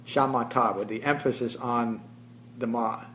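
Man, meditation teacher, buddhist dharma talk, reflective, pauses to think, self-deprecating, average pitch, small class. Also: slight background noise, rough recording. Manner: self-deprecating, chuckling about his habits.

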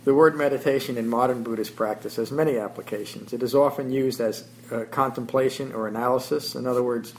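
A man's voice: medium pitch, steady tone, a little hiss or hum, low-quality recording. Man giving a reflective dharma talk. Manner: reflective, thinks aloud with pauses; self-deprecating, chuckling about his habits. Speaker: meditation teacher. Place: meditation class before a small group.

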